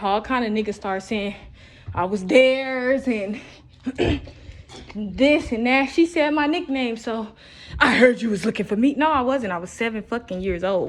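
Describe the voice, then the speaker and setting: Rambling, profane young woman vlogger. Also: on the high side. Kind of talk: casual recorded video monologue.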